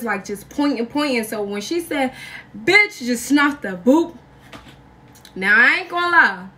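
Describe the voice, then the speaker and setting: High-voiced young woman telling a wild story. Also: far from the mic. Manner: animated, slangy, acts out quotes with big jumps in voice. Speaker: vlogger. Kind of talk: casual storytime vlog.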